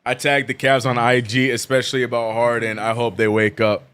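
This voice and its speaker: Bright-voiced man calling a game live. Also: medium pitch, little pitch movement, smooth. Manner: laid-back banter, reads chat aloud, gets loud and drawn-out calling plays. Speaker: streamer hosting a live game watch-along. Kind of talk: casual chat and play-by-play commentary.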